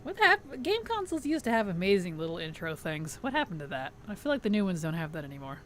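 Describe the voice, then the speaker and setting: A woman's voice: lowish voice, sing-song, quick pace, slight background noise. A woman streamer in casual livestream chat, thanking subscribers, answering chat and giggling often.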